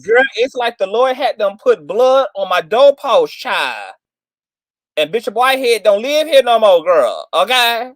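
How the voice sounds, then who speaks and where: A man's voice: extremely high pitch, big pitch swings, a little slow, no echo. A man hosting livestream commentary in a sassy, theatrical way, peppered with "girl" and "child". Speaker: commentary channel host.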